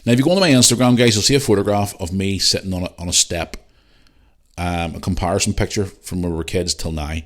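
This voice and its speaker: A man's voice: low-pitched, fast, a bit bright. A middle-aged man hosting a podcast, ranting bluntly and heatedly with lots of swearing. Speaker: podcast host. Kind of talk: casual ranting monologue.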